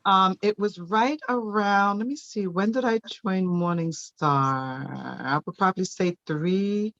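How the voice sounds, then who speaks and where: A woman, a daycare owner, telling her personal testimony in a church interview with animated storytelling. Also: medium pitch, measured pace, muffled recording. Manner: animated storytelling, acting out quoted voices.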